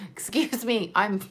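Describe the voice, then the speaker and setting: A woman's voice: fairly high pitch, fairly bright tone. A woman hosting a casual live stream, chatting in a rambling, giggly way and often breaking into laughter.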